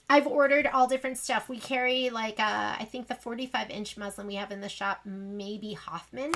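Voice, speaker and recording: A woman's voice: fairly high pitch, normal speed, a bit bright, slight background noise. A woman hosting a sewing livestream, chatting casually and rambling while she demonstrates. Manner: chatty, rambling, self-deprecating. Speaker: sewing shop livestream host.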